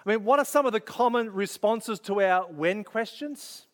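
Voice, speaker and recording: Male preacher, middle-aged, high voice, chatty storyteller. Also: animated, normal speed, a bit bright. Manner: storytelling, acts out his own inner thoughts, conversational. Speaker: pastor. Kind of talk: sermon with personal story.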